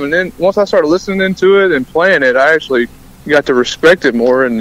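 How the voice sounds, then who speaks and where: A man's voice: a little high, fairly bright tone, rough recording. A man from Alabama, a country musician, talking easily and laughing often in a phone interview. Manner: easygoing, laughs a lot.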